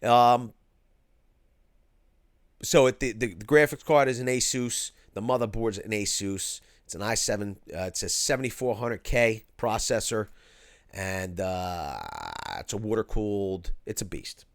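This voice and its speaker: A man's voice: on the low side, measured pace, dry recording. A man from Philadelphia hosting a livestream, reading out viewer chat in a casual, slangy way. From Philadelphia, USA. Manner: laid-back, slangy, says "cuz" and "yo". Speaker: host reading live chat.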